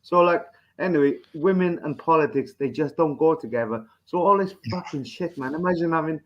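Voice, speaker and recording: A man's voice: on the high side, brisk, muffled recording. A man hosting a podcast, ranting in a crude, profane, rambling comic manner. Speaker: podcast host. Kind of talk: crude comedic rant.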